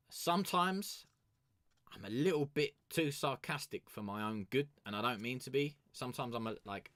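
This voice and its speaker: A man's voice: mid-range voice, normal speed, no echo, clean studio sound. Sweary man telling a story. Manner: sweary, rambling, animated. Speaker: music review host. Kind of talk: casual storytelling.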